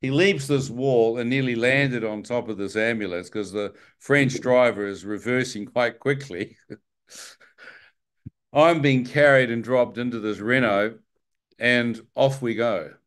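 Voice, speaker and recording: A man giving a personal testimony as a lively storyteller, self-mocking and chuckling as he goes. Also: mid-range voice, slow pace, clean tone. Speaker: testimony speaker.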